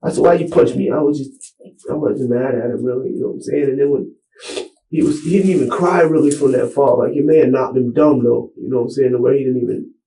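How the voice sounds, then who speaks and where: A man being interviewed in a small room, talking in a halting, rambling way full of street slang. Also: mid-range voice, fairly even intonation, warm tone. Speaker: interview subject. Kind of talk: police interrogation recording. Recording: echoey room, camera mic.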